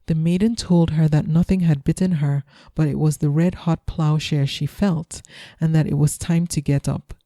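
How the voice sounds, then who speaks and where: A woman reads a folktale in a slow, soothing bedtime style. Her voice is very dark and mellow. The sound is close and dry. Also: sits low, steady tone, no room sound. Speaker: storyteller. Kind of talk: calm bedtime story reading.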